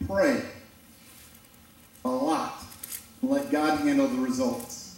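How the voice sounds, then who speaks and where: A man's voice: medium pitch, takes it slowly. A man preaching a sermon as pastor, talking conversationally and acting out quoted voices. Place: church sanctuary. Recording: very echoey church from a distant mic.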